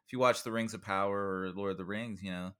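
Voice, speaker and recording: A man's voice: fairly low pitch, fairly even intonation, fast, a bit bright. A man co-hosting a podcast, rambling in casual chat with crude jokes. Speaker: podcast co-host.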